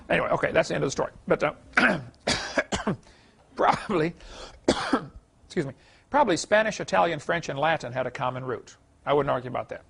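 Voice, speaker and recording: A man's voice: on the high side, a little fast, vocal fry, fairly bright tone, husky. A middle-aged man giving a seminar lecture, folksy and chuckling at his own stories. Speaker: creation seminar speaker. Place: lecture hall.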